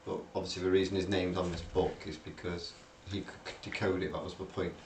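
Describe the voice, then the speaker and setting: A man's voice: low voice, little pitch movement, brisk. A man co-hosting a casual film podcast, rambling through the plot with lots of fillers and restarts. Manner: rambling, hesitant, recounting plot with many fillers. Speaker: podcast co-host. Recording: roomy, distant mic, faint background noise.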